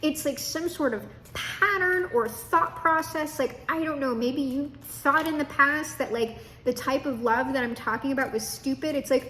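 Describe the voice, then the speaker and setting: A woman's voice: high-pitched, moderate pace, few pauses, bright, forceful tone. A young woman giving a chatty, casual tarot reading to her viewers, swearing and laughing as she goes. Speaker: tarot reader.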